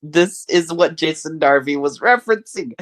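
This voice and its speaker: A man's voice: a little high, normal speed, a bit bright. A man co-hosting a podcast who interjects bluntly, argues, and swears casually. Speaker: podcast co-host. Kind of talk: casual chat.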